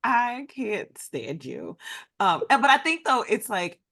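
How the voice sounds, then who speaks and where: A woman in a casual chat, speaking thoughtfully and with some halting restarts. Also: fairly high pitch, very animated, gravelly, a bit bright.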